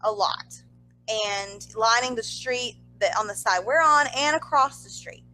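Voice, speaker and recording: A young woman co-hosting a podcast, telling a story in casual chat with animated, exasperated asides. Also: fairly high pitch, measured pace, slight background noise, low-quality recording. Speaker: podcast co-host.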